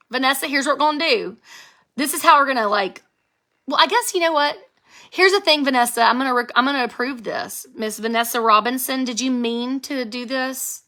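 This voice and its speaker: A woman's voice: high voice, sharp tone. An American woman in her thirties, an author chatting casually on a phone live stream, giggly and reading out viewer comments, her voice strained from an old vocal injury. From United States. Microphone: phone live video.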